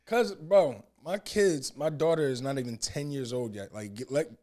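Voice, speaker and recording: A man in his thirties talks on a podcast at a middle pitch that is neither high nor low. He rambles through stories with lots of restarts and fillers. He swears freely and slips into laughing banter with his co-host. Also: normal speed, mellow. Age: 30s. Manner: laid-back, profane, laughing banter; rambling storyteller with frequent restarts. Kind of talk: casual chat.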